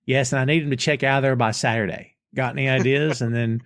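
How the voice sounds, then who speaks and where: A man's voice: mid-range voice, fairly even intonation, quick pace, few pauses, a bit bright, dry recording, clean studio sound. A man hosting a podcast, chatting casually and recapping scenes from an episode line by line. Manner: retells dialogue line by line, conversational. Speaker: podcast host reviewing a TV episode.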